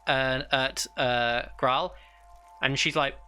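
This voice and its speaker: A man's voice: mid-range voice, steady tone, takes it slowly, bright, forceful tone, clear, resonant tone. A man narrating a tabletop game as game master in a rambling, casual way, full of "like" and "uh". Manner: rambling, with many "like"s and "uh"s. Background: fantasy ambience music.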